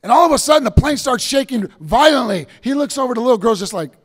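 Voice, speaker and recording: Male pastor, sermon, high voice, emphatic shouts, long church-hall echo. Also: expressive, quick pace. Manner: emphatic, bursts into shouts, acts out stories.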